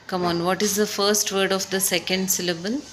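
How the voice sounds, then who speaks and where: A woman's voice: medium pitch, little pitch movement, brisk, fairly bright tone, slight background noise. A woman teacher giving a one-on-one spelling lesson, patient and coaxing, full of encouragement.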